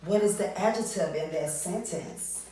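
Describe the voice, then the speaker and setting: A woman's voice: lowish voice, normal speed, dark tone, very echoey, recorded from a distance. A woman teacher giving a recorded reading lesson to young children, with sing-song praise and call-and-response prompts.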